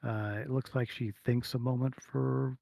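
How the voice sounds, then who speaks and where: Gravelly-voiced man running a tabletop game. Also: medium pitch, little pitch movement, moderate pace, darkish tone, no echo. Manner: rambling, with hums and fillers. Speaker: game master. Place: home streaming setup.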